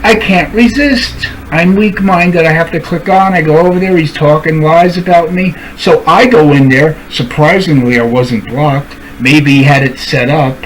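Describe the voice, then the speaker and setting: A man's voice: on the high side, moderate pace, few pauses, a little hiss or hum, rough recording. Confrontational man ranting to camera. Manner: confrontational, addresses people directly by name; repeats himself for emphasis. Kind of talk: angry rant to camera.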